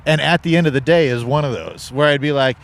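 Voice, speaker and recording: A man's voice: mid-range voice, expressive, quick pace, vocal fry. A man co-hosting a podcast, easygoing and rambling in casual chat. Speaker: podcast co-host.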